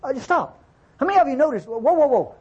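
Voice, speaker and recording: A man teaching from the Bible in a relaxed, conversational way. He reads verses aloud, explains them, and keeps checking in with his listeners. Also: very high voice, quick pace, dull audio.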